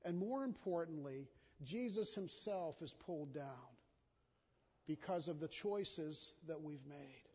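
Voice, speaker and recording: A middle-aged man with a fairly high voice preaching a sermon, earnest and conversational, with frequent restarts and repeated words. He swings between loud, urgent pleading and soft, intimate confession. The sound is dull and muffled, with long reverb as if from a church hall. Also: animated, slow, breathy edge. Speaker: pastor.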